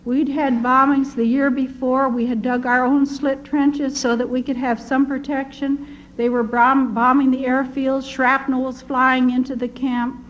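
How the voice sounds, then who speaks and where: An older woman giving an earnest personal testimony, telling her story in a measured way with restarts. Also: high-pitched, level tone. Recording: dull lo-fi recording with faint noise.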